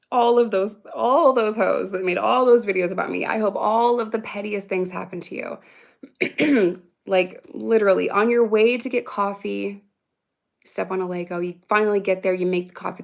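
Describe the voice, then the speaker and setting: A woman in her thirties talks on a casual livestream, answering viewer comments as they come in. Her voice has a strong creaky fry, and her pitch sits in a middle range. She rambles and swears freely, laughing often as she goes. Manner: reacts to comments aloud.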